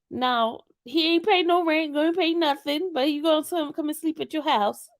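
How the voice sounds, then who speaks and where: A woman commentating casually to her viewers, animated and laughing often, calling them y'all. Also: high-pitched, moderate pace, hardly any pauses. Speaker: commentary channel host.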